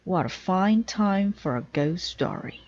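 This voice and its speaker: A woman voicing a calm, kindly male frog in a storybook read-aloud, with a gentle, patient delivery. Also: lowish voice, unhurried, lo-fi sound, voice pushed up. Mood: teasing.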